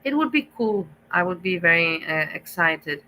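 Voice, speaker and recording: Bright-voiced woman rambling through a reaction stream. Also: on the low side, lively intonation, moderate pace, slight background noise, low-quality recording. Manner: rambling, repetitive, gossipy, with restarts. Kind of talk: live reaction commentary.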